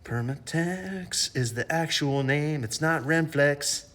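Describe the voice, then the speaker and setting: A man's voice: on the high side, takes it slowly, a crowd in the background. A middle-aged man chatting casually while working in his home garage, joking and poking fun at himself. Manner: joking, self-mocking, rambling. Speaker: hobby mechanic host.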